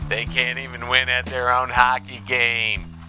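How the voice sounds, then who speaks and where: A man doing a low, drawling impression of a boastful male president in a comedy sketch. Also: monotone, unhurried, pushed and bright, faint music behind.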